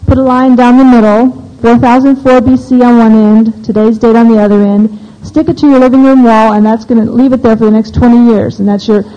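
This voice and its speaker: A woman's voice: on the high side, flat delivery, a little fast, few pauses, warm tone. A woman speaking to a live audience at a homeschooling seminar, opinionated and practical, often asking the listeners questions. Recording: dull lo-fi recording.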